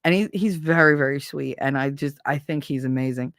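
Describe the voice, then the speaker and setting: A woman's voice: rumbling low, a little fast, no room sound, clean studio sound. A woman hosting a livestream, talking casually with her chat, laughing often and swearing freely. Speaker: livestream host reading chat.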